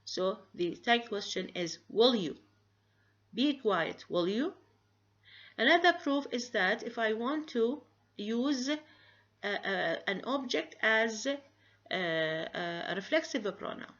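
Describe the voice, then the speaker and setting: A woman giving a recorded grammar lecture, pausing often and asking rhetorical questions. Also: a little high, lively intonation, fairly bright tone. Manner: halting, many fillers and restarts, rhetorical questions. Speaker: grammar teacher. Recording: dull lo-fi recording.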